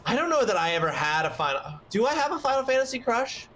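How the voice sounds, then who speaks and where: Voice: medium pitch, big pitch swings, fast talker, fairly bright tone, a little hiss or hum. A streamer giving chatty, rambling let's-play commentary. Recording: game music playing behind.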